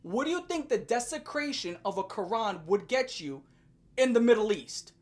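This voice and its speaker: A young adult woman hosting a ranting commentary video, animated and profane, often laughing. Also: fairly high pitch, normal speed. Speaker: commentary channel host.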